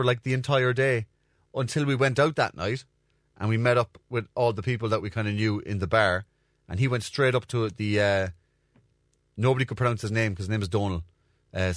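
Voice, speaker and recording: Irish comic host, young guy, low voice, dry close sound, rambling and crude. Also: no echo. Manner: rambling, crude, swears freely, acts out voices in a high pitch. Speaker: comedian podcast host. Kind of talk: casual storytelling monologue.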